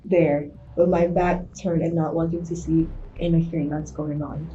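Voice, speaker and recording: Young woman, lowish voice, defensive and offhand, muffled interrogation tape. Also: level tone, moderate pace, warm tone, a little hiss or hum. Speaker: suspect in a police interview. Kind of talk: recorded interrogation. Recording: muffled lo-fi interview room audio.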